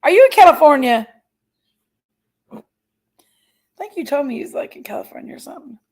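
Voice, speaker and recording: A woman's voice: high voice, big pitch swings, darkish tone, low-quality recording. A middle-aged woman, chatting casually as a livestream host and reading out viewers' comments. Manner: chatty, playful, drawn-out exclamations.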